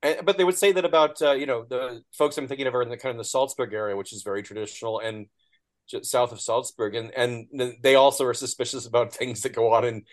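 A man's voice: mid-range voice, fairly even intonation, fast talker. A man speaking as a guest in casual chat, thoughtful and hesitant.

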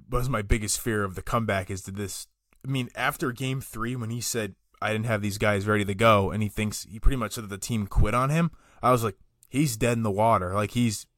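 Blunt, low-voiced male podcast guest. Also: a little fast, a bit bright, no echo, clean studio sound. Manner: blunt, opinionated, frustrated. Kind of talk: casual sports chat.

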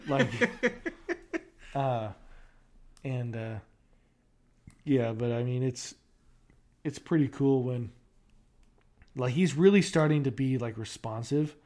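A man's voice: medium pitch, animated, measured pace, long pauses, darkish tone. A young man co-hosting a podcast in casual chat, rambling with lots of fillers and restarts. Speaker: podcast co-host.

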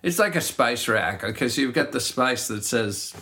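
Middle-aged male songwriter, reflective and rambling, average pitch, talks in loose casual chat. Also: lively intonation, moderate pace, sharp tone. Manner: reflective, rambling, frequent restarts. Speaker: singer-songwriter. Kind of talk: casual conversation.

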